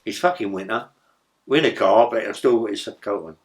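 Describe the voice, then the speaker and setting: An older man, telling rough stories in a rambling, profane way as an interview guest. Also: fairly low pitch, brisk. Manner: rambling, profane, tag questions like "yeah?". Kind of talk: storytelling in a casual interview.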